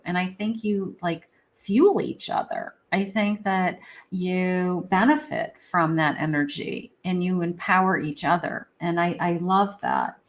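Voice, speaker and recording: A woman psychic giving a casual, encouraging tarot reading, with frequent ums. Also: lowish voice.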